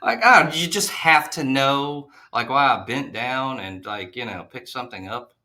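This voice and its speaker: A man's voice: medium pitch, expressive, moderate pace, pushed and bright. A man co-hosting a casual podcast, ranting in exasperation and swearing heavily. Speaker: podcast co-host. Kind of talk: casual profane podcast chat.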